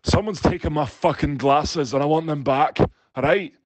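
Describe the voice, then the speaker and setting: Parody notice: man doing a gruff, sweary bloke, dry and close, exasperated. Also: fairly high pitch, moderate pace, dry recording, close to an everyday voice. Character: angry sweary man who lost his glasses.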